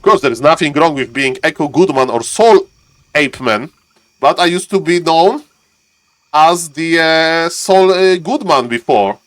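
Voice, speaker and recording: A man casting a strategy game match, swinging from calm talk to frantic repeated shouting. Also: a little high, a little slow. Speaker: game caster. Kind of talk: excited esports commentary.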